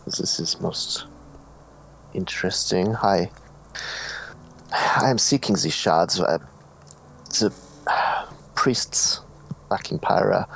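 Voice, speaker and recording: A man role-playing his character at a tabletop game with slow, deliberate speech. His low voice has a gravelly edge, and he hesitates between phrases. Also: rough recording. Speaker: player.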